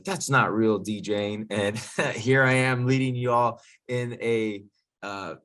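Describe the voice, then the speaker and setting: A man as a DJ instructor, leading a casual online workshop in an upbeat, chatty, jokey way over a video call. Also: on the low side.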